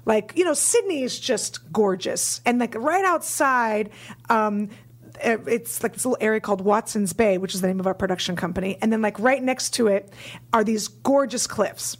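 High-voiced woman telling animated stories. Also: moderate pace. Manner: animated, acts out quotes in raised voices. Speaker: stand-up comedian. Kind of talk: casual podcast storytelling.

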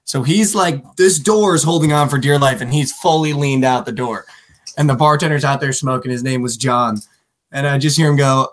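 A young man in his twenties with a fairly high, quick voice co-hosts a sports betting podcast. He tells rambling, casual stories packed with fillers, saying "like" and "dude" a lot.

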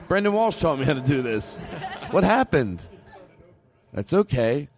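A man hosting a comedy podcast, animated and rambling. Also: on the high side, slow, pauses often, loud music behind the voice. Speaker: podcast host.

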